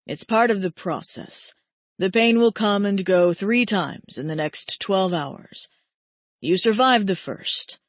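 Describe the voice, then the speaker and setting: A woman voicing a steady, protective male immortal who speaks slowly and firmly. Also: mid-range voice, no echo. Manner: slow, firm and measured.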